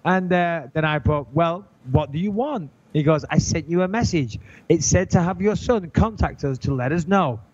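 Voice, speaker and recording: A man co-hosting a podcast, telling an animated, indignant story in casual chat. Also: fairly high pitch, moderate pace. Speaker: podcast co-host. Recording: dull lo-fi podcast audio.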